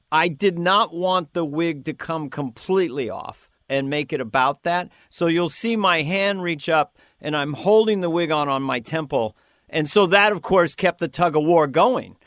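Man telling a lively, animated story. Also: a little high, no room sound, studio quality. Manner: animated storyteller who slips into impressions. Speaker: comedian guest recalling sketch work. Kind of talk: casual conversation.

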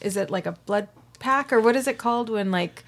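A woman's voice: a little high, brisk. A woman co-hosting a podcast, talking casually about a sitcom and thinking aloud with lots of fillers. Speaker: podcast co-host. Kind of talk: casual chat recapping a sitcom.

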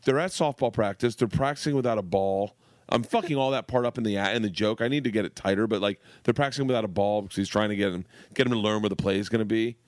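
A man in his forties telling funny stories about his daughter in casual podcast chat, animated and profane, laughing as he goes. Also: on the low side, fast talker, no echo, clean studio sound. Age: 40s. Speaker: comedian guest.

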